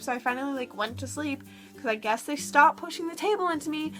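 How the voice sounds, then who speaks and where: High-voiced chatty young woman. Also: quick pace, a bit bright, soft background music. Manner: chatty, many fillers. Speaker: vlogger. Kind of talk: casual storytelling vlog.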